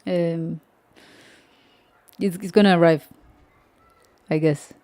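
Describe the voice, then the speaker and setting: Mellow-voiced woman streamer with an accent. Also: on the low side, steady tone. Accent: non-native English accent. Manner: halting, searching for words, light laughs. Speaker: live-streaming coder. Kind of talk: casual live-stream chat.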